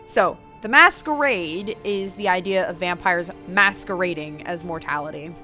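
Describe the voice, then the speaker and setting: A woman's voice: lowish voice, normal speed, pushed and bright, faint music behind. A woman playing a story game, reading it aloud and chatting casually, with a self-mocking manner. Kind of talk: casual game playthrough with read-aloud narration.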